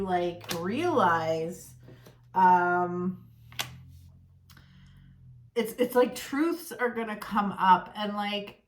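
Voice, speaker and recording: A woman's voice: medium pitch, echoey room, slight background noise. A woman giving a casual tarot reading to camera, blunt and exasperated, swearing freely. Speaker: tarot reader.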